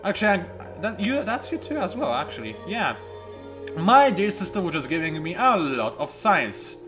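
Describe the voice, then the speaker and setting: A man casually commentating a strategy game he is playing, animated and self-mocking, with bursts of excitement. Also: high-pitched. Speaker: let's play host.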